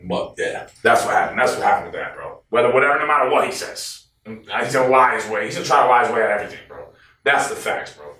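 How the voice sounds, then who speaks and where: A man's voice: medium pitch, fast talker. A man in an interview telling a story bluntly, swearing often and acting out what others said. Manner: blunt, profane, animated retelling with quoted voices. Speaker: interviewee, former team member. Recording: roomy echo, distant from the mic.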